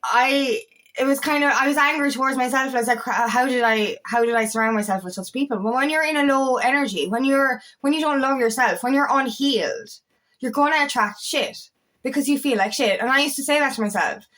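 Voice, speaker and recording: A woman's voice: sits high, brisk, fairly bright tone, low-quality recording. A young adult woman, a feminine empowerment coach, talking candidly and passionately in a personal vlog, swearing freely and restarting her sentences.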